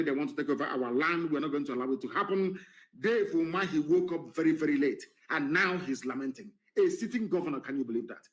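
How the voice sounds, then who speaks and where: A man delivering an impassioned political broadcast to his followers. He speaks in an emphatic, defiant way, repeats phrases and pauses with "should I say". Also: a little high, a bit bright, low-quality recording. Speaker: political leader addressing followers.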